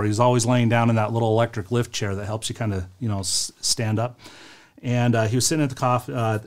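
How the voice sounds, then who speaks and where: A man, a financial advisor, presenting a webinar in a casual, story-driven way, with rhetorical questions and frequent fillers. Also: medium pitch. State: choked up at moments.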